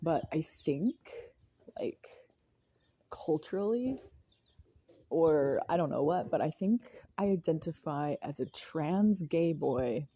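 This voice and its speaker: A young woman talks on her own in a loose, rambling way, stopping to laugh and drifting from thought to thought. Her voice sits a bit low and has a mellow, husky grain. She sounds unhurried and casual throughout. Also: animated. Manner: musing, laughs often, trails off. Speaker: vlogger.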